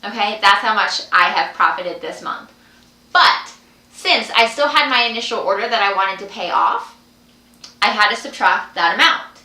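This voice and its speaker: Bright, gushing young woman vlogging. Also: medium pitch, normal speed, roomy sound. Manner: gushing, breathless excitement, repeats herself. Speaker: vlogger, clothing sales consultant. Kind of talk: excited direct-to-camera vlog.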